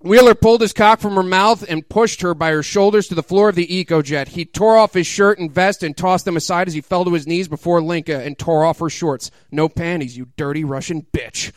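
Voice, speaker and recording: Man, comic reading aloud, mock dramatic, laughing asides, high clear smooth voice, dry close mic. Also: a little fast, few pauses, dry recording. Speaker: comedic reader.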